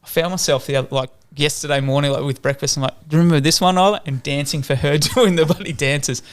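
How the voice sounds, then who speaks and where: A man's voice: fairly high pitch, quick pace, smooth. A man in his thirties, a father and teacher, telling family stories on a casual podcast and laughing often. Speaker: podcast co-host. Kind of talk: casual chat.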